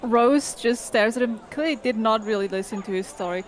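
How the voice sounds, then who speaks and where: A woman's voice: fairly high pitch, moderate pace, some chatter behind. A woman narrating her character in a tabletop game, often giggling. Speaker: player. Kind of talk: tabletop game role-play.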